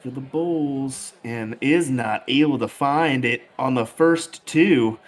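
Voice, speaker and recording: A man's voice: mid-range voice, takes it slowly, a faint crowd. A man calls a darts match in a loose, talkative way. He keeps it casual and jokes with his co-hosts. His voice sits in the middle range for a man. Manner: relaxed, chatty, laughs easily. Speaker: darts commentator. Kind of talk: live sports commentary.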